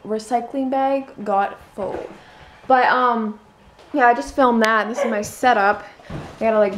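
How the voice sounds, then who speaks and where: A woman's voice: fairly high pitch, a little hiss or hum. Chatty young woman vlogging at home. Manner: rambling, many fillers, drops to a whisper at times. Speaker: family vlogger. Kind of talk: casual vlog chat.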